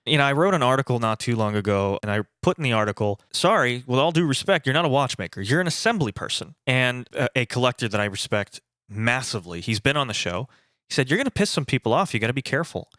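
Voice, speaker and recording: Man, podcast co-host, emphatic and opinionated, lively pitch, dry sound. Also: quick pace, no room sound. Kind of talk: casual podcast chat.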